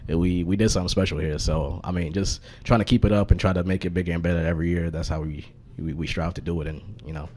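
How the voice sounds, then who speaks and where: A man on a podcast as a guest DJ, chatting in a relaxed, laid-back way with casual slang. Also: low-pitched, fast, few pauses.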